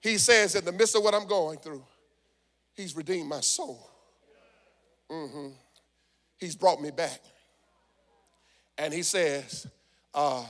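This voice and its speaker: A man preaching a sermon as pastor in a large church sanctuary, with an emphatic cadence and drawn-out phrases. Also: on the high side, fairly bright tone. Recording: long reverb of a large hall.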